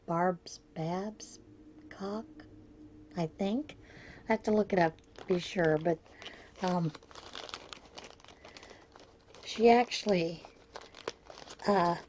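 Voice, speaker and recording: Brief: chatty female crafting vlogger, mellow warm tone, effusive unboxing talk. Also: fairly low pitch, slight background noise. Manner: chatty, gushing over each item. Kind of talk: casual unboxing chat.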